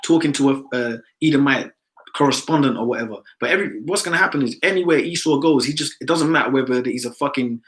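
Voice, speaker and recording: A man with a London accent talks in an emphatic, insistent way during a loose religious discussion. His voice sits at a middle pitch for a man, and he keeps punching his points home. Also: fast, a bit bright, rough recording. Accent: London English. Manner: emphatic, repeats "man" often. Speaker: discussion participant.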